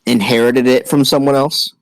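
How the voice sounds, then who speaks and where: A man's voice: medium pitch, little pitch movement, dry recording, low-quality recording. A man running a tabletop game as game master, talking casually and swearing now and then. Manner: casual, swears, talks fast.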